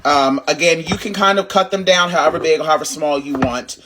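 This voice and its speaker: A man's voice: fairly high pitch, a little fast, background noise. A man hosting a casual cooking tutorial, emphatic and playful, repeating his points with teasing scolds. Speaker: home cook, channel host.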